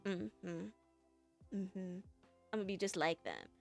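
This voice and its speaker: A woman's voice: fairly low pitch, big pitch swings, slow, gravelly, soft background music. A young woman streaming and chatting casually with her viewers, playful and giggly, teasing herself. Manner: playful, giggly, self-mocking. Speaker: VTuber streamer.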